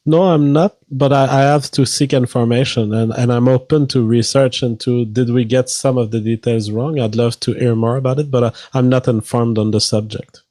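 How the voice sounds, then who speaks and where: A calm guest on a live stream who talks in a plain, unhurried way and phrases his English like a non-native speaker. His voice is mellow and warm. It is recorded dry and close. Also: mid-range voice, dry recording. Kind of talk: casual live-stream chat.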